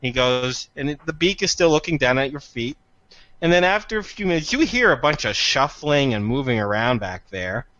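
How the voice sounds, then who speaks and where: A man narrating as game master, rambling with frequent pauses and fillers. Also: medium pitch, very animated, bright, forceful tone, dry recording. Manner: rambling, halting with fillers, laughing at himself.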